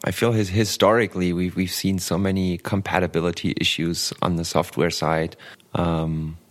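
Male podcast guest, very low voice, halting delivery with wry asides. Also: little pitch movement. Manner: hesitant, many fillers and restarts, wry. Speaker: podcast guest, designer in tech. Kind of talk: casual tech podcast chat.

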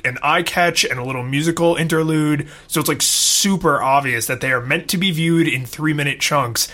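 Chatty young man with a bright voice. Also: fairly high pitch. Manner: chatty, filler-heavy, quick asides. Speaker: podcast co-host. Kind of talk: casual chat.

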